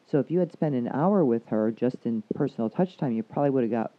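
A man's voice: medium pitch, expressive, fairly quick. A man working as a counselor, talking casually and frankly, swearing freely as he explains things. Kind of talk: casual chat. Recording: dull lo-fi recording.

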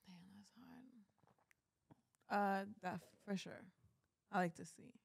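A woman's voice: medium pitch, flat delivery, takes it slowly, vocal fry. A woman guest on a podcast in casual chat, laid-back and wry.

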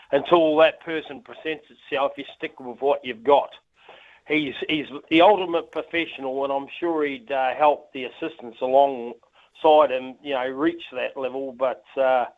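A man calling in to talkback radio, passionate and emphatic. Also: on the high side. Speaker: caller. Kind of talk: phone-in call. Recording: tinny phone line.

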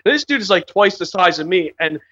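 Man, casual storyteller, fairly high voice, profane and rambling, lo-fi sound. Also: animated, fast, a bit bright. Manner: rambling, swearing, laughing storyteller. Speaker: storyteller in group chat. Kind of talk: casual chat.

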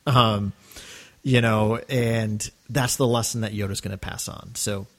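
A man co-hosts a podcast in a lowish, steady, unhurried voice. He chats casually, earnestly and enthusiastically, with many fillers and restarts.

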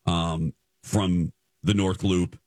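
A man's voice: low voice, level tone, very slow, a little mellow, no room sound, clean studio sound. A man hosting a radio show, telling a story in casual chat and stumbling over repeated words as he relives the moment.

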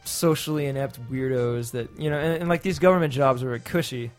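Animated storytelling man. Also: medium pitch, brisk, soft background music. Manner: animated storyteller, mimics officials. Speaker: podcast guest who lived in Japan. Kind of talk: casual chat.

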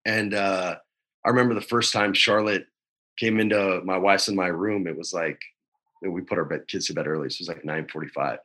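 Guy in his 40s on a video call, bright clear voice, open and emotional, lots of "man" and "dude". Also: deep voice, steady tone, fairly quick. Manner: candid, emotional, says "man" and "dude" a lot. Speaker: guest. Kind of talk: casual interview chat.

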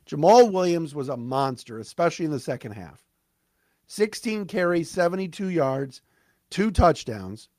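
Male sports podcast host, slightly raised pitch, emphatic fan energy, dry close mic. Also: normal speed, dry recording. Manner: animated, emphatic, fan-like commentary with asides. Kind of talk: solo sports talk recap.

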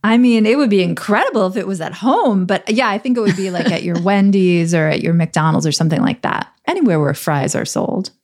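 A woman's voice: medium pitch, brisk, few pauses, a little mellow. A woman co-hosting a podcast, explaining things in a chatty, amused way. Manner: chatty, amused, lots of "like" fillers. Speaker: podcast co-host. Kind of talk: casual chat.

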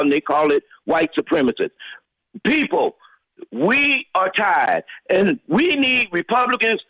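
A man from Houston, Texas, calls into a talk radio show and rants emphatically, with a preacher-like cadence, in a fired-up call-in. His voice is high-pitched, heard over a phone line with no room sound.

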